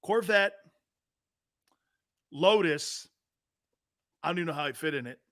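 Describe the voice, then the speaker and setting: A man in his fifties hosts a sports talk show and tells a rowdy story in a brash, swearing, animated way. His voice sits a bit high for a man. The sound is close and dry, with no room echo. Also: a little slow. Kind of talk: casual storytelling.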